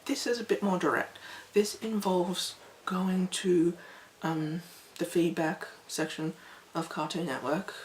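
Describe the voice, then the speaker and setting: A woman vlogging to her viewers in a chatty, rambling, animated way. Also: fairly low pitch, slow pace, few pauses. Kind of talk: casual talk to camera. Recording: echoey room, faint background noise.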